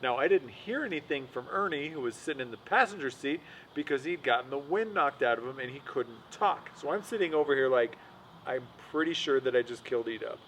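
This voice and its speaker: A man's voice: fairly high pitch, animated, brisk, few pauses, a bit bright, a little hiss or hum, rough recording. Casual, self-mocking male vlogger narrating. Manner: casual, self-deprecating, frank. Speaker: vlogger, host of the show. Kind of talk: storytelling voice-over narration.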